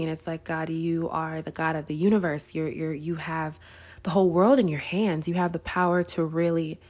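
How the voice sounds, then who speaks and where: A woman tells a faith story on her podcast. She talks casually to her listeners, checks in with them as she goes, and laughs easily. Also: low voice. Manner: conversational, storytelling, laughs often, says "right?" a lot. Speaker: podcast host.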